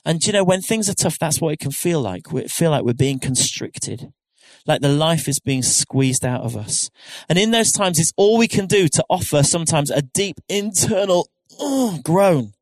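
A middle-aged man delivers a sermon in an earnest, conversational manner, stopping to rephrase himself and asking the room rhetorical questions. His voice sits a little high for a man and is recorded close and dry, with hardly any room sound. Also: expressive, normal speed, a little mellow, no room sound. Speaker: pastor.

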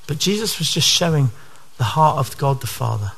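A man's voice: a little high, animated, normal speed, vocal fry, a bit bright, husky. A male preacher giving a sermon to his church in an earnest way, often posing rhetorical questions.

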